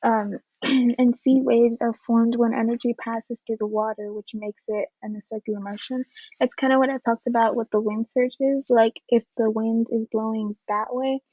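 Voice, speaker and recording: Young woman student, casual and filler-heavy, fairly high voice with little lift, dull dry recording. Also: little pitch movement, moderate pace, dark tone, dry recording. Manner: hesitant, many fillers. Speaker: student presenter. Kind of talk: informal class presentation. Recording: dull lo-fi mic.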